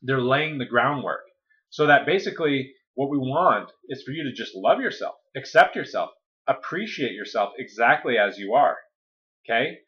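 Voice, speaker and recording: A man's voice: mid-range voice, expressive, moderate pace, highs cut off. A man coaching listeners in a casual, conversational talk, often checking in with "okay?" and "right?". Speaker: weight-loss coach.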